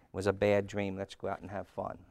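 A man voicing a small, meek frog from a children's storybook, speaking softly and plainly. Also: low-pitched, monotone, brisk, creaky. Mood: gentle.

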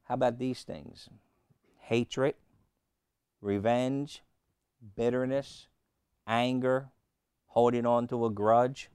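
A pastor preaching a sermon and telling a humorous story, with lots of rhetorical questions. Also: male voice, medium pitch, fairly even intonation, slow, long pauses, a little mellow, clear, resonant tone, no echo, clean studio sound. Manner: humorous, repeats key lines.

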